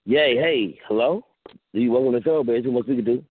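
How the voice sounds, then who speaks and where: A man hosting a live call-in radio show, bringing callers on air in a lively, welcoming way. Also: mid-range voice, fast talker, slightly rough. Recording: tinny phone-like sound.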